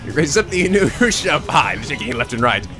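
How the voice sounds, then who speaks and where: A man's voice: mid-range voice, big pitch swings, brisk, music in the background. A man hosting a let's play, reading a visual novel aloud with playful, theatrical delivery, often giggling.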